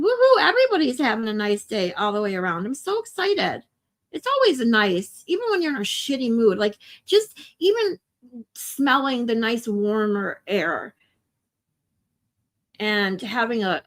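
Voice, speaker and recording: Emotional woman, swearing livestream host. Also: on the high side. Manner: emotional, swearing, chatty with viewers. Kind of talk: casual livestream chat.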